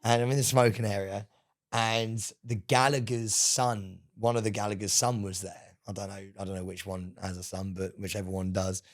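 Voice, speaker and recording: A man's voice: fairly low pitch, flat delivery, moderate pace. A man co-hosting a podcast, telling a rambling story in casual chat, laughing and swearing often. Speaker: podcast co-host.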